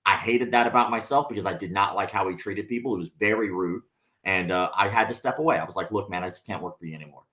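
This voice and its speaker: A man telling a story on a podcast in casual chat, animated and profane, acting out the people he quotes. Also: sits low, fast talker. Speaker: podcast guest.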